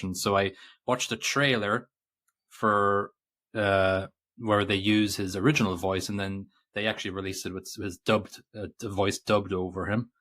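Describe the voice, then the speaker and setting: A man's voice: on the low side, fairly bright tone. A man co-hosting a podcast, chatting casually about a film in a rambling, self-interrupting way. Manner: rambling, self-interrupting, reads quotes aloud. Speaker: podcast co-host. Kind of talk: casual movie review chat.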